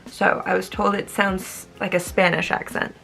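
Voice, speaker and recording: A young woman, an online English teacher, explaining in a casual, bubbly, animated way and acting out words. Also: mid-range voice, normal speed, creaky.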